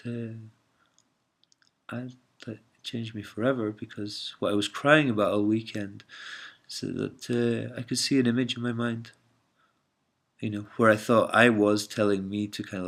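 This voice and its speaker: A man's voice: on the low side, gravelly. A man telling a personal story in a casual, meandering monologue, hesitant and full of fillers, often calling the listener mate or man.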